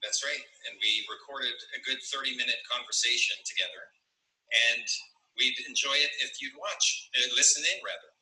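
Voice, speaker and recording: A man's voice: medium pitch, normal speed, sharp tone, roomy sound, low-quality recording. A man chatting casually as a guest mentor, answering in brief, easygoing replies. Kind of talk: casual chat.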